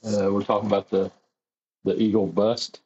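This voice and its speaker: Low husky man chatting while painting. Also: level tone, normal speed, a little mellow, muffled recording. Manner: rambling, easygoing, self-deprecating. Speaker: airbrush artist streaming his work. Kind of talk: casual livestream chat while painting. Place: home workshop.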